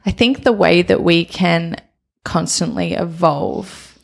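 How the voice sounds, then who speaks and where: Low gravelly-voiced woman, thoughtful guest. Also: takes it slowly. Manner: agreeable, thoughtful, affirming. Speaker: guest, business owner. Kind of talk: casual conversation.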